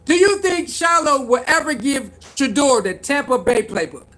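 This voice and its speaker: A young man with a high-pitched voice, ranting on a live reaction stream. He talks in an animated, slangy way, repeats himself, and keeps calling out to his viewers. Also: moderate pace. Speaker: vlogger reacting to sports news.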